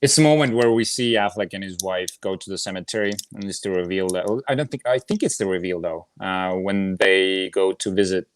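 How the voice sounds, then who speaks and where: A man's voice: low voice, brisk, hardly any pauses, slight background noise. A man co-hosting a casual movie podcast, talking in a hesitant, slightly nervous way with many fillers. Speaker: podcast co-host.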